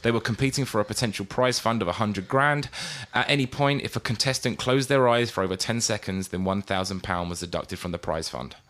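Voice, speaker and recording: A man co-hosting a casual podcast chat, talking in an animated way, swearing freely and laughing often. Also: fairly low pitch, brisk, hardly any pauses. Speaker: podcast co-host.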